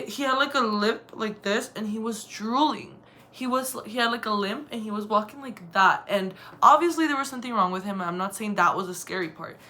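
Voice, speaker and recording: A young woman from the El area telling a story casually in a vlog, animated and profane, acting out the dramatic moments. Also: fairly high pitch. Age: young adult. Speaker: vlogger.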